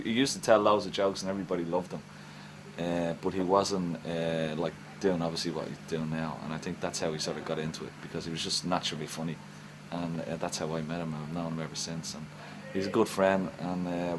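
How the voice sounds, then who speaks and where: Deep-voiced Irish man, easygoing. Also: noisy background. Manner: easygoing, rambling, lots of fillers. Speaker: actor interviewed on set. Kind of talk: casual interview.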